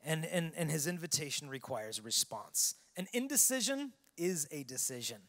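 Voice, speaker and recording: A man giving a keynote to a large youth conference, preaching with earnest storytelling that swings between hushed and loud. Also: fairly high pitch, very animated, normal speed. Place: large arena with long reverb. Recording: long hall reverb.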